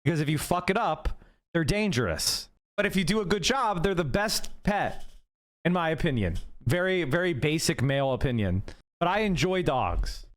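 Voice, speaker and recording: A male live streamer in casual chat, arguing his points quickly and talking straight to his viewers, his voice going hoarse. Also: on the high side, sing-song. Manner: fast, argumentative, talks straight to chat. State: losing his voice.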